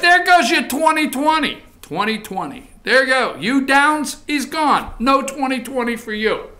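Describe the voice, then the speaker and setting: An animated man hosting political commentary with a high-pitched voice. His tone is bright and forceful, mocking as he talks and dropping into muttered asides. He speaks in a casual, offhand way. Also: a little slow, few pauses. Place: studio.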